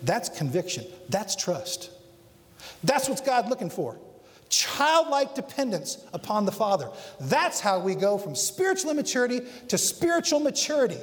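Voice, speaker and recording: High-voiced preaching pastor in reverb. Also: male voice, big pitch swings, moderate pace. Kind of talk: sermon. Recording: long hall reverb.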